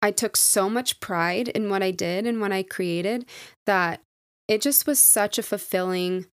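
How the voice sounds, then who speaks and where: A young woman in her twenties talks through a personal story on her own podcast, candid and reflective, her sentences loose and full of "like." Her voice sits at an everyday middle pitch. The recording is close and dry, with no room sound. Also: a little slow, dry recording. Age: 20s. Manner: candid, reflective, filler-heavy with lots of "like". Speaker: podcast host. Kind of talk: casual solo podcast storytelling.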